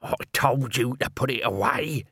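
A man's voice: mid-range voice, animated, unhurried, a bit bright, dry recording, studio quality. A man voicing a shifty, uneasy little watchman who talks in a wheedling way in a storybook reading.

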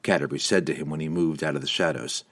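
A man narrating a fantasy audiobook with a dramatic, expressive reading. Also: rumbling low, quick pace.

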